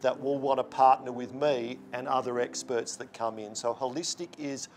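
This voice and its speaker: A man's voice: medium pitch, fairly even intonation, moderate pace, slight background noise. A man interviewed as a guest, speaking in an earnest, explanatory way. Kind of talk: casual interview talk.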